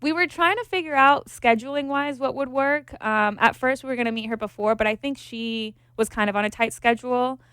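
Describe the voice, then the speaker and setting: A young woman talks fast and excitedly on a casual podcast, her voice sitting a little high. The sound is dry and close, with no room around it. She gushes and runs her thoughts together as she tells the story. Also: smooth, dry recording. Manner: gushing, excitable. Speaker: podcast co-host. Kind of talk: casual chat.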